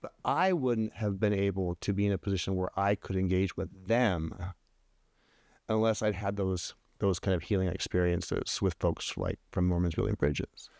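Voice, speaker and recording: A man telling a story as a podcast guest in casual chat, animated, with many restarts, his voice jumping higher when he quotes himself. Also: normal speed, creaky, dry recording, clean studio sound. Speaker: podcast guest, LGBT advocate.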